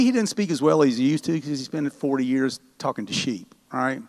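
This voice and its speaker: Gravelly-voiced pastor in an echoing church. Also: male voice, medium pitch, brisk. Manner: conversational, animated storytelling. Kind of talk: sermon. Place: church sanctuary. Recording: long church hall reverb.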